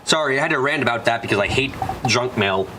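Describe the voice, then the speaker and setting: A man's voice: mid-range voice, quick pace, music in the background. Profane ranting male game streamer. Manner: profane, ranting, talks back to chat. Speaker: gaming streamer. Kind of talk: casual let's-play commentary.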